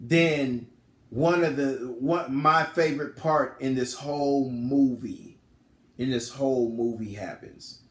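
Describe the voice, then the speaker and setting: A man casually recapping a film plot in animated storytelling style, full of slang. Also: medium pitch, takes it slowly. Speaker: film reviewer. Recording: roomy echo.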